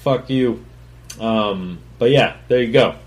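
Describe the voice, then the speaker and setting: A chef who also hosts a podcast tells a story on his own in a casual way, his medium-pitched voice moving at a slow pace. He's blunt, boastful and profane, rambling along with fillers and restarts.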